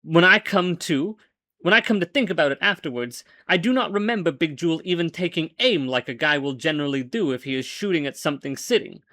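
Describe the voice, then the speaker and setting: A man reads an old-fashioned story aloud in a wry, deadpan storytelling voice that sits slightly high. He stumbles and corrects himself now and then. The sound is close and dry. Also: fairly quick, no echo. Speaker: host and reader. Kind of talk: dramatic story reading.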